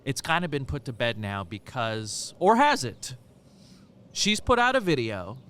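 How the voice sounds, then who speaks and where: Joking male co-host, smooth resonant tone, deadpan sarcasm. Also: medium pitch, normal speed. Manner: sarcastic, mock-authoritative joking. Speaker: podcast co-host. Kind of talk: casual chat.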